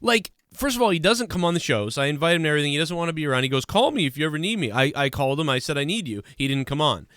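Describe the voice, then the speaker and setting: High-voiced, profane ranting man host. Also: big pitch swings, rapid-fire, hardly any pauses, fairly bright tone, dry recording, studio quality. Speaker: podcast host. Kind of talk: casual chat.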